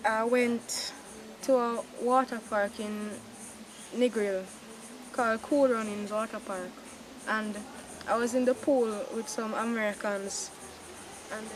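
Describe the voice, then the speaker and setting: Give me a soft-spoken woman telling a story, with faint ambience behind. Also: fairly high pitch, steady tone, slow pace, long pauses, noisy background. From Jamaica. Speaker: interviewee.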